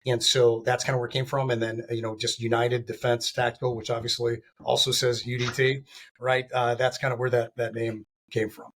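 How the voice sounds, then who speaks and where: Appearing as a guest on a podcast interview, the founder of a firearms training company talks in a rambling way, full of fillers and restarts. His voice is medium-pitched with little pitch movement, and he speaks fairly quickly.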